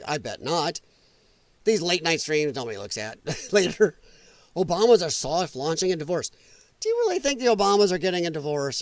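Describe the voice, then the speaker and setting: Sarcastic high-voiced male streamer. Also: dry recording. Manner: sarcastic, ranting, casual. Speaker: livestream host. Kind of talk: late-night news commentary livestream.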